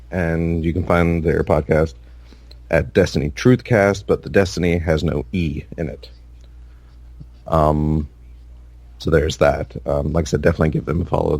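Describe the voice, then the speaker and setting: A man's voice: a bass voice, vocal fry, darkish tone, dry recording. A man co-hosting a casual gaming podcast, rambling with lots of fillers and restarts. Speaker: podcast co-host.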